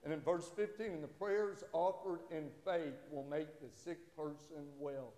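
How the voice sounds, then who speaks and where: A man's voice: on the high side, fairly even intonation, measured pace, mellow. A man preaching a sermon as a pastor in a church, with rising fervor. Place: church sanctuary. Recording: echoey hall.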